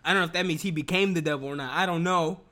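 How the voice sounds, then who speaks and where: A man's voice: fairly high pitch, very fast, pushed and bright. A man chatting to his viewers in a loose, profane, rambling rant, often restarting his sentences. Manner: rambling, profane, keeps restarting, bursts into laughter. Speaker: video commentator.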